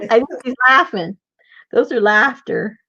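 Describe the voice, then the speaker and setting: A woman's voice: a little high, expressive, unhurried, pushed and bright, husky, dry recording. A woman chatting casually with friends, asking wry questions, on a dull lo-fi recording. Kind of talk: casual chat among friends. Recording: dull lo-fi sound.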